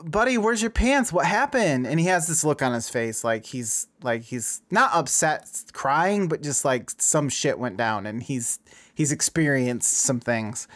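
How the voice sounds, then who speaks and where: A man in his thirties telling a story in casual chat, lively and acting out dialogue with a raised voice. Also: medium pitch, unhurried, dry recording. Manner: animated, acts out dialogue in a raised voice.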